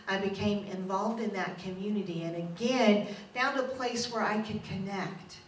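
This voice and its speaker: A middle-aged woman minister shares her story from the pulpit, candid and quick to laugh at herself. Her voice sits at an everyday pitch and carries a roomy echo from a mic set some way off. A faint hiss runs underneath. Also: recorded from a distance. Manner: candid and self-mocking, laughs often. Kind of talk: personal testimony sermon. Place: church sanctuary.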